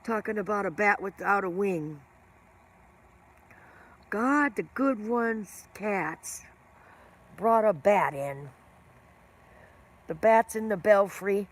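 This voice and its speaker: Chatty woman, slow rambling livestream talk. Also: fairly high pitch. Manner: chatty, rambling, talks to viewers by name. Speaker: livestream host. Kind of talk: casual livestream chat with viewers.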